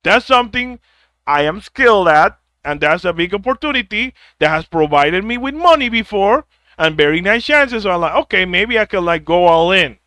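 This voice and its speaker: A man's voice: high-pitched, animated, normal speed, bright, forceful tone, dry recording. A man ranting bluntly with a lot of profanity, stumbling over repeated words as he gives harsh life advice. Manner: mocks others in put-on whiny quotes. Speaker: vlogger giving advice. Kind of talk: ranting monologue.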